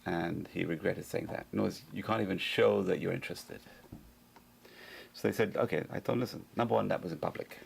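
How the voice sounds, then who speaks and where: A man's voice: low-pitched, a little fast, vocal fry, slight background noise. A man, a rabbi, giving an informal Torah class, repeating phrases for emphasis and answering his own questions.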